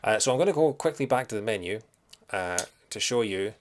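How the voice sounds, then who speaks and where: A young man with a soft Scottish accent, chatting casually and thinking aloud while streaming a retro game, greeting viewers as he goes. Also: fairly low pitch, expressive, brisk. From Scotland. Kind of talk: casual live-stream commentary.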